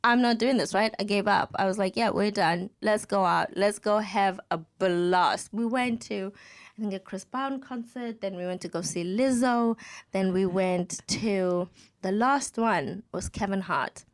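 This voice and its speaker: A woman in her thirties, appearing as a podcast guest, tells a story in casual chat with a medium-pitched voice at a measured pace. She's animated and acts out what other people said.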